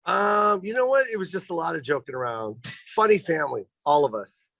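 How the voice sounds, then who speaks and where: A man with a gravelly voice joins a live interview as a comedy guest. His sound is dry and close, and he answers playfully. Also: fairly high pitch, lively intonation, fairly bright tone, no room sound. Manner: playful, quick one-word answers.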